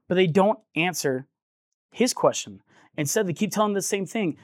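A man preaching in an earnest, conversational tone, voice set a little high. He slips into the voices of the people in the passage as he explains it. The sound is dry and close, with little room echo. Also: lively intonation, moderate pace. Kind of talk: sermon.

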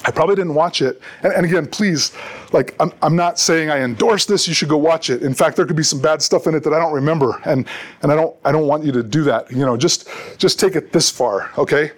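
A man's voice: on the high side, a little fast. A middle-aged man preaching a sermon as a pastor, earnest and often repeating words as he restarts.

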